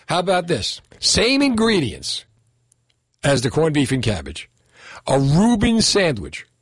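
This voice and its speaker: A man's voice: medium pitch, slightly rough, no echo, clean studio sound. A middle-aged man hosting a radio talk show, joking and rambling about food. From Italian-American. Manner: animated, jokey, rambling. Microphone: studio microphone.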